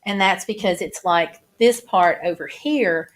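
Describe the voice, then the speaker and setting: A woman vlogger talking casually, halting and restarting as she describes flood damage. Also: lowish voice. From United States. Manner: chatty, halting, many restarts and fillers. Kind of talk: casual chat over photos.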